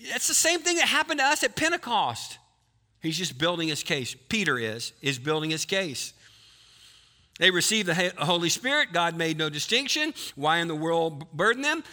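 A male pastor preaching a sermon to a live congregation, quizzing the people and switching between quick talk and slow emphasis. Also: a little high, very animated, sharp tone. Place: church before a live congregation.

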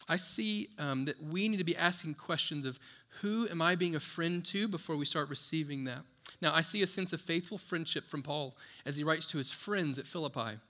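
A man's voice: fairly high pitch, normal speed, sharp tone. A man preaching a sermon as pastor, conversational and full of rhetorical questions to the congregation. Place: church.

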